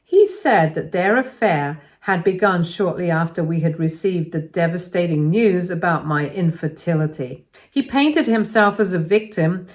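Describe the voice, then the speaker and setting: A woman with a somewhat low voice narrates a scripted first-person story. Her reading is dramatic, and she pushes harder when she voices her own furious words.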